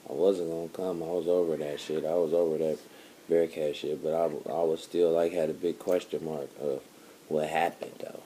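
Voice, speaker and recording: Very deep, dark-voiced man bantering. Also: level tone, normal speed, a little hiss or hum, low-quality recording. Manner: joking, bantering, cuts in to correct her. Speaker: vlogger's partner. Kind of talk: casual storytelling chat.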